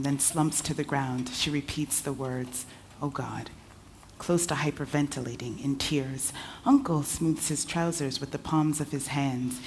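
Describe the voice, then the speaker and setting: A woman author reading her fiction aloud at a festival in a measured, intimate voice. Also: low-pitched, darkish tone, slight background noise. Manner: measured, intimate second-person narration. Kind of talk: literary reading. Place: literature festival event.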